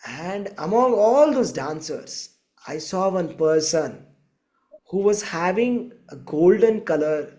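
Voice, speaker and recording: A man's voice: high-pitched, animated, takes it slowly, mellow. A man voicing the young goddess Radharani as she eagerly recounts a dream, in a storytelling sermon. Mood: wondering. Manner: earnest, wondering retelling of a dream.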